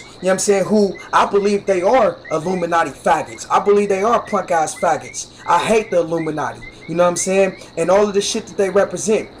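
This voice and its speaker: A man's voice: high-pitched, a little hiss or hum, rough recording. A man teaching spirituality on a livestream in a repetitive, profane, emphatic way, often asking "you know what I'm saying". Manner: emphatic and instructive, demonstrates with hand gestures. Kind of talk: preachy livestream monologue.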